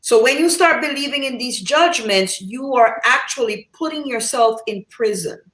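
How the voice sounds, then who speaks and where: A woman's voice: fairly high pitch, expressive, normal speed, fairly bright tone, echoey room. A woman moderating a panel, affirming the speakers and then giving firm advice.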